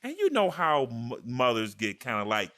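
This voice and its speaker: A man hosting a podcast, telling a story in casual chat with animated delivery and stammering restarts. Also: medium pitch, moderate pace. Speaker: podcast host. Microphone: VR headset mic.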